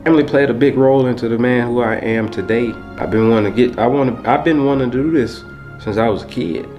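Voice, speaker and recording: A man's voice: mid-range voice, fast talker, darkish tone, soft background music. A young man vlogging to camera in a heartfelt, rambling way, speaking. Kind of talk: casual talk to camera.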